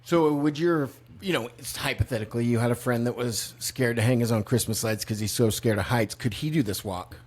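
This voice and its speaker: An older man co-hosting a podcast, chatting casually and telling lively stories, with laughs and voice impressions. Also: medium pitch, a little fast, few pauses. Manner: animated storyteller, mimics voices and laughs. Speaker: podcast co-host. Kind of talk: casual chat.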